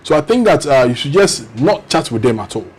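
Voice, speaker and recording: A man's voice: a little high, sing-song, fairly quick, a little mellow, slightly rough. A young man talking as a guest in a casual chat, giving earnest advice.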